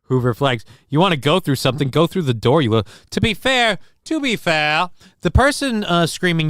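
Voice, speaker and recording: A man's voice: on the high side, expressive, normal speed, few pauses, a bit bright, no room sound. A man from the American Midwest hosting a casual livestream, joking and rambling as he comments on the news. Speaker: host.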